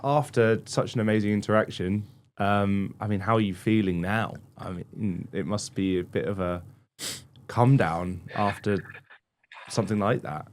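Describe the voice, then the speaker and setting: A male podcast co-host puts a question to his guest in a tentative way, letting his sentences trail off. His voice sits a little low. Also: fairly even intonation, moderate pace. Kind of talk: casual interview question.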